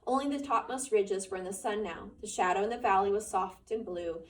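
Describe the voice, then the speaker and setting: A woman's voice: medium pitch, fairly quick, distant mic, slight background noise. A woman teacher reading a novel aloud in a classroom. She stops to explain and check that students follow. Her voice is picked up from across the room.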